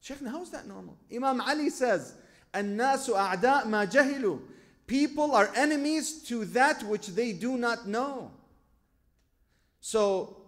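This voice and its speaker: High-voiced man preaching with stories. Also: expressive, measured pace, fairly bright tone. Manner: storytelling, asks rhetorical questions, quotes scripture in Arabic. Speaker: sheikh giving a lecture. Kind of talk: sermon. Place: lecture hall at a religious gathering.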